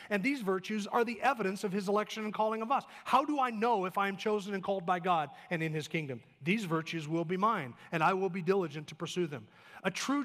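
A man's voice: sits high, a bit bright, in a large hall. A man preaching a sermon as pastor, emphatic, stacking short clauses, with plain conversational asides and light humor. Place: church sanctuary.

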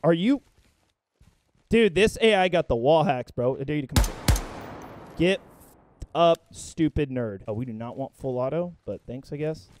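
Young male gamer, fairly high, lively voice, loud swearing outbursts, faint gunfire behind. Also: unhurried, long pauses, a little hiss or hum. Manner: excitable, profane, bursts into yelps and shouts mid-play. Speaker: gaming content creator. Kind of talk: live gameplay commentary.

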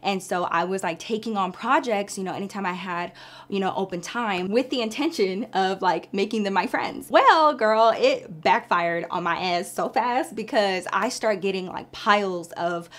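A woman vlogger telling a story in casual, animated chat, often calling her listeners girl. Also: mid-range voice, normal speed.

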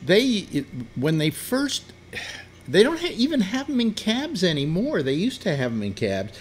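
A man's voice: normal speed, slight background noise. Chatty man. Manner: rambling, self-interrupting, talks with animated pitch swings. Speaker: host. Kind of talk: casual radio chat.

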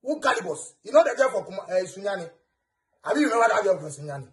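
Ghanaian man, high voice, taunting rant, mixes pidgin and Twi. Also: sing-song, rapid-fire. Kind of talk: ranting video message.

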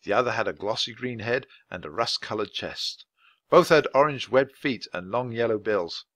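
A man reading a children's storybook aloud at a natural, steady pace for learners. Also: mid-range voice, normal speed, no room sound. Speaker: reader.

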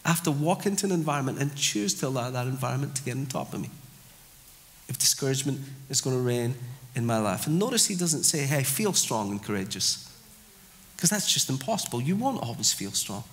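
A man delivers a conversational sermon in a church with a long echo of the hall around him. His voice sits at an ordinary middle pitch. He acts out small everyday scenes and leads the congregation in repeating short phrases. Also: lively intonation, quick pace. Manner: conversational, with acted-out asides and crowd call-and-response. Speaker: pastor.

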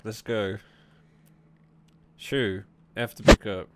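A man with a fairly low pitch and fairly bright tone speaks slowly while playing a horror game on YouTube, game music behind him. Jumpy throughout, he reads the on-screen text aloud and reacts with laughs and swearing.

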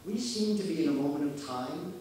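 A man's voice: on the high side, animated, a little fast, a little mellow. A Canadian man giving a conference keynote, telling stories with emphasis and acting out the voices of people he quotes. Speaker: keynote speaker. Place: conference hall. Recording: echoey hall, distant mic, faint background noise.

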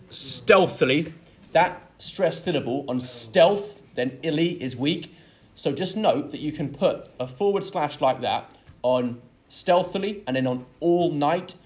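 A man teaching an English literature lesson, explaining a poem step by step and leaning on key words. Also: fairly high pitch. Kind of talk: exam tutorial lesson.

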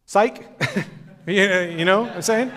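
Higher-voiced man preaching in a reverberant hall. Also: moderate pace. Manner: casual, conversational storytelling. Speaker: conference speaker. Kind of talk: sermon.

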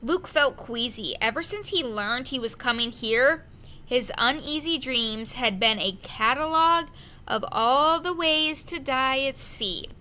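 Bright-voiced woman reading a story slowly. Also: high-pitched, expressive. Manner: slow, careful reading with small slips. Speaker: audiobook reader. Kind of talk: storybook narration.

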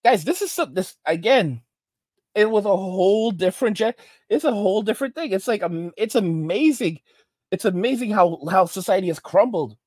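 A man hosting a commentary channel, telling stories in a halting, rambling way full of restarts and preaching about manners. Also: high-pitched, lively intonation, a little mellow, no room sound. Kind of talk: reaction commentary monologue.

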